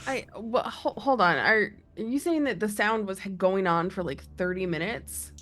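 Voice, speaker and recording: Female player, mid-pitch, halting and nervous in-character delivery for a tabletop game. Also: a bit bright, soft background music. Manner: stammering, anxious questions. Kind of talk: in-character tabletop role-play.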